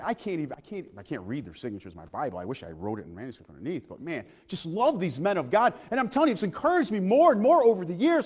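An impassioned male preacher whose high voice leaps up and down as he swings from shouted declarations to near-whispers. He keeps putting questions to the congregation. The sound carries a long reverb through the church hall. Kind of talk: sermon.

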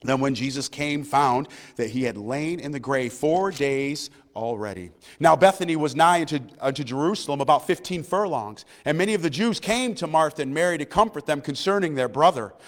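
A man reading scripture aloud and then preaching, earnest and growing excited. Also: a little high, a little fast, hardly any pauses, long reverb tail. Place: church.

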